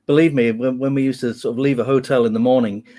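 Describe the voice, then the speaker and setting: Speaking fast in a dark, steady, mid-range voice, this man chats casually on a video call as a guest musician. He reminisces through stories, often restarting and quoting others.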